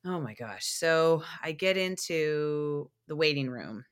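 A woman's voice: deep voice, takes it slowly, clean tone. A young woman guest on a podcast, chatting casually and telling stories with lots of restarts and fillers. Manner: animated storyteller, many restarts and fillers. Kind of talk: casual interview chat.

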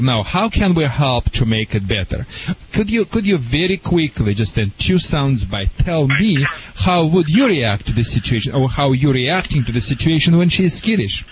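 A man's voice: medium pitch, a little hiss or hum. A man with a European accent who is not a native English speaker, a behaviorist answering a caller on a call-in radio show, explaining earnestly in broken phrasing. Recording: slightly dull radio broadcast sound.

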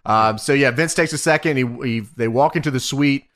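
A man's voice: mid-range voice, fairly quick, a bit bright. A man co-hosting a podcast, recapping wrestling in loose, profane casual chat and laughing often. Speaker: podcast co-host.

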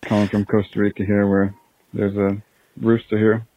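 A man calling in to a podcast to tell a story, speaking in a flat, matter-of-fact way with halting pauses. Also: on the low side, heavy background noise. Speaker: caller. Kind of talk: phoned-in storytelling. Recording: tinny phone line.

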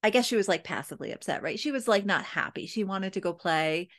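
A woman in her thirties hosts a podcast as a parenting coach. Her voice sits in a middle pitch. She tells a family story in a candid, rambling, conversational way and keeps turning to address her listeners directly. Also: fast talker, fairly bright tone. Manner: candid, chatty, many fillers and asides to listeners. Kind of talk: casual storytelling monologue.

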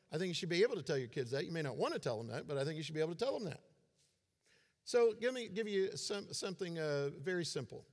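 A man in his forties giving a sermon as a pastor, conversational and self-deprecating in his humor. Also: fairly high pitch. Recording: long hall reverb.

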